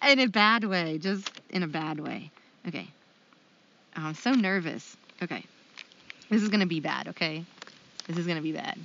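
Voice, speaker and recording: A woman's voice: lowish voice, normal speed, vocal fry, pauses often, a bit bright, slight background noise. Woman cohost rambling casually on a podcast, says um a lot, kinda dull lo-fi audio. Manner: self-deprecating, chatty, lots of ums. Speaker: podcast co-host.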